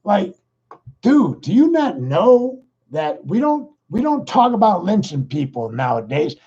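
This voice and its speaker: A man's voice: fairly high pitch, warm tone, husky, highs cut off. A man hosting his own podcast, talking in a rambling, exasperated political monologue. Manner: rambling, exasperated, talks fast. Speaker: podcast host.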